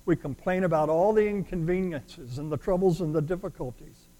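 A male pastor delivering a sermon in a fairly high voice. He drives his points home with loud, ringing declarations, then drops back to softer, more intimate asides. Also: brisk, rough recording. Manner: emphatic, swings between loud declarations and quiet asides.

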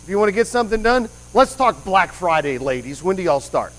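A man's voice: high voice, very animated, a little fast, poor audio. A man preaching a conversational sermon, rambling with asides and quizzing the congregation with questions. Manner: rambling with frequent restarts and asides.

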